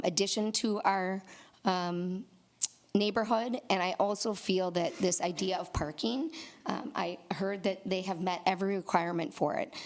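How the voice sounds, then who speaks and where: Woman, hoarse, gravelly, low voice, earnest, many fillers, public comment. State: losing her voice. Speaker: resident giving public comment. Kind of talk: public comment at a council meeting. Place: council chamber.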